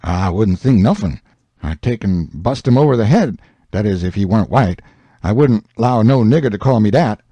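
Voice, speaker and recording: A man's voice: fairly low pitch, animated, normal speed, warm tone, slightly rough, no echo. A man doing a stubborn man. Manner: drawling, insistent, folksy. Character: stubborn grown man, sure of his own reasoning. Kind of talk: audiobook character reading.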